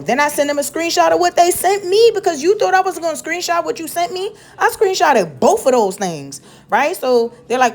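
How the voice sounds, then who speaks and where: A woman's voice: sits high, moderate pace, few pauses. Sassy New woman telling a story. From the Bronx, New York. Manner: animated, sassy, slangy storytelling. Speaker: nail and beauty vlogger. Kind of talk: casual storytime vlog.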